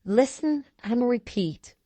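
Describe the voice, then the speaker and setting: Woman giving slow lesson prompts. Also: on the high side. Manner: brief, even instructions. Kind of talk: recorded instruction prompts.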